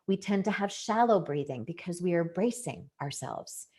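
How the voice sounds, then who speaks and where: A woman presenter gives an educational talk, explaining earnestly and stressing key words. Her lowish voice is expressive and darkish in tone, delivered at a moderate pace.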